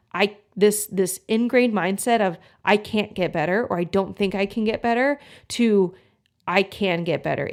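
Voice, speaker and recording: Woman coach talking straight to camera, upbeat and encouraging, mid pitch voice. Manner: encouraging, uses homely examples and acts out inner thoughts. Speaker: gut health coach. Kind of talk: motivational video talk to viewers.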